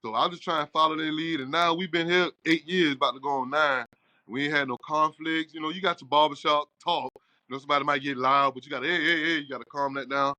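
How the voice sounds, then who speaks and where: A man's voice: a little high, fast talker, dry recording. A middle-aged man, a barbershop owner telling a long story and acting out the dialogue as he goes. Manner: animated storyteller, acts out quoted dialogue. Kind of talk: casual storytelling interview.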